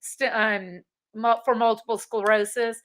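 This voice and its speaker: An older woman hosting an interview, friendly, with quick encouraging backchannels. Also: a little high, flat delivery, crowd noise. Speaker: host. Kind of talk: casual interview chat.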